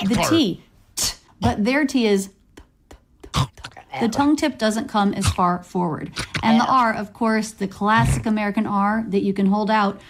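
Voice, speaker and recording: A woman in a played clip giving a clear pronunciation lesson, explaining sounds step by step. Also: medium pitch, unhurried, slight background noise. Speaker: pronunciation teacher.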